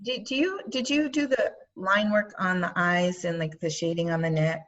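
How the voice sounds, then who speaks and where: Female classmate, tentative, thinks out loud, muffled video-call audio. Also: on the low side, steady tone, moderate pace. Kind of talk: asking questions in class.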